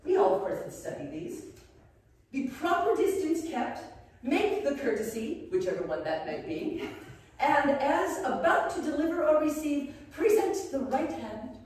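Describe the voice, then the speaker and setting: A woman plays a colonial-style headmistress, guiding a class through bows and dance steps with genteel, prim instruction and a playful streak. Her voice is fairly high and swoops around a lot. She is heard from a distant camera in a very echoey room with a faint hum behind her. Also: sing-song, measured pace, darkish tone. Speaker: costumed interpretive guide playing an academy headmistress. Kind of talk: in-character living-history lesson. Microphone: far camera. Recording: echoey room, voice far from the mic.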